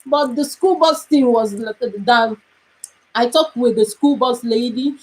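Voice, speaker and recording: A woman's voice: fairly high pitch, measured pace, poor audio. A young woman with a Nigerian English accent, chatting casually on a live stream as a mother, emphatic and repetitive, often pleading.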